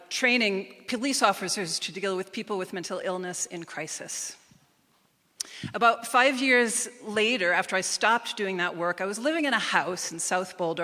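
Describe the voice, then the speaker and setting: A woman telling a personal story on a live stage, in a measured and emphatic manner. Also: fairly low pitch, bright, forceful tone. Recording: reverberant live hall.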